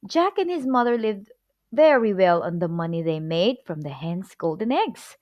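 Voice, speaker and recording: A woman reading a children's story aloud, with an expressive, clear storybook delivery. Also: mid-range voice, normal speed, no room sound, lo-fi sound.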